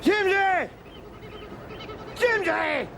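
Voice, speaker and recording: An actor playing a rowdy, loudmouthed Glaswegian drunk in his middle years, speaking with a Scottish accent in a combative, theatrical rant. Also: sits high, very animated, measured pace. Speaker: sitcom character. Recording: TV sitcom audio with crowd and noise.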